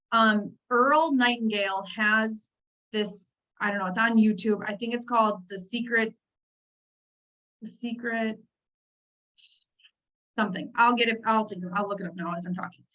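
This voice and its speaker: A high-pitched woman leads a motivational team training over a video call. She talks in a chatty, animated way and keeps breaking off into asides to her listeners. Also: low-quality recording. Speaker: network marketing team trainer.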